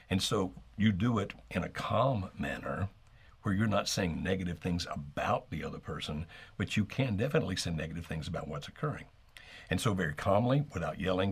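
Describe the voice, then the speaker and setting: A middle-aged man co-hosting an advice talk, speaking in a measured, steady way and modeling calm phrasing. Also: sits low, breathy edge. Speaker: co-host giving relationship advice.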